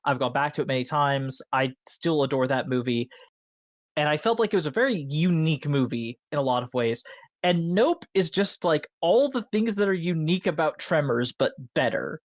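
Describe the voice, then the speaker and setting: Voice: medium pitch, animated, normal speed, no room sound. A podcast co-host in a casual film discussion, talking with enthusiasm and rambling with many fillers. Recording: dull lo-fi dry recording.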